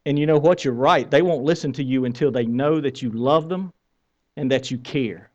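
A bearded-sounding pastor with a Southern American accent delivers a conversational sermon, quizzing the congregation and poking wry fun at himself. His voice sits at a medium pitch with a darkish tone, moving at a moderate pace, and the recording is muffled.

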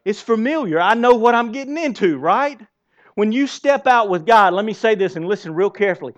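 A man in his forties preaching a sermon in a conversational way, asking the congregation questions and swinging between loud emphasis and hushed asides. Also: high-pitched, lively intonation, fairly quick. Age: 40s. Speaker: pastor.

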